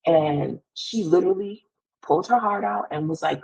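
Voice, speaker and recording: Gravelly-voiced woman telling her story. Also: fairly low pitch, moderate pace, a little mellow, low-quality recording. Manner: earnest, heavy use of "like" fillers. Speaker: podcast guest. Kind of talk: personal storytelling in a casual interview.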